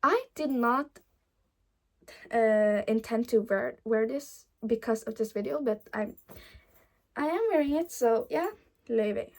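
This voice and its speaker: A woman's voice: fairly high pitch, measured pace, long pauses, a little mellow. A teenage girl chatting casually to camera, rambling and hesitant with many fillers, sometimes dropping to a whisper. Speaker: vlogger. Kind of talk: casual chat.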